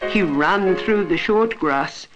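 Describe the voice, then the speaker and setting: A woman narrating an animated storybook film in a rhythmic, sing-song way. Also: lowish voice, slow pace. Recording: dull old film soundtrack with music.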